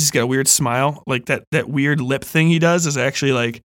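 A man's voice: mid-range voice, fairly quick, a bit bright, no room sound, clean studio sound. A young man hosting a casual horror review chat, rambling, swearing a lot and laughing often. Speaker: podcast host.

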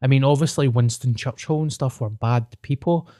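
A man's voice: medium pitch, moderate pace, warm tone. Chatty sweary Scottish man. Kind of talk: casual podcast chat.

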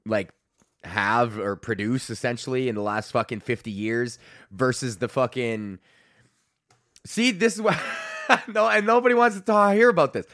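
A man's voice: mid-range voice, animated, moderate pace, a bit bright, no echo, studio quality. Rambling, swearing man on a podcast. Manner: swearing, rambling, laughs at himself. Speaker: podcast host. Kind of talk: casual ranting monologue. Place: home.

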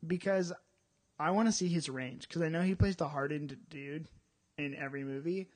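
A man co-hosting a casual podcast chat, talking in an animated way with quick asides. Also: fairly high pitch. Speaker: podcast co-host.

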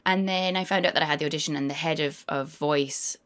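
A woman in her thirties, a guest actor in a casual interview, telling animated stories and slipping into quoted voices. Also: low-pitched, fast.

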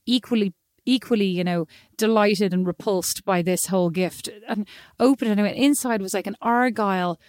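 An Irish woman telling a long, animated, self-mocking story in casual chat, often slipping into quoted voices. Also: medium pitch, normal speed, no echo, studio quality. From Ireland.

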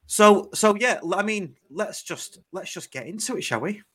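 A man's voice: high-pitched, animated, moderate pace, background noise. An Englishman co-hosting a casual fan podcast, laid-back and hesitant with fillers. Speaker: co-host.

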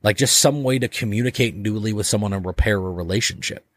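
A man appears as a podcast guest, speaking fast in a lowish voice with no echo. He talks loosely and casually, peppering his sentences with "like," swearing offhandedly, and acting out little dialogues in this casual conversation.

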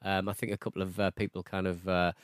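Halting, joking man. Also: sits low, level tone, clear, resonant tone, no echo, studio quality. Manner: halting, many fillers and restarts, joking. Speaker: podcast co-host. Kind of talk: casual chat.

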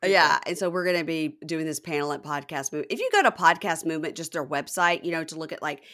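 A woman chatting as a podcast guest, telling stories with quick asides. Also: sits low, lively intonation, fairly bright tone. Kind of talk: casual podcast chat.

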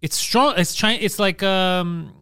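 A man's voice: high voice, takes it slowly, bright, forceful tone, clear, resonant tone, no room sound. A man co-hosting a casual comedy podcast, brash and mocking, swearing freely as he trades insults with friends. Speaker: podcast co-host.

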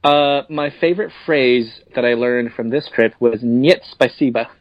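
A man's voice: mid-range voice, normal speed, no echo, highs cut off. A man co-hosting a casual podcast, joking and laughing often. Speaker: podcast co-host.

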